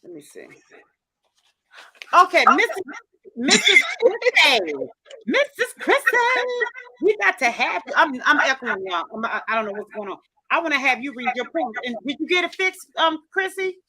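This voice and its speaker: A woman hosting a live stream, chatting casually in an excitable, gushing way. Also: sits high, brisk, no echo.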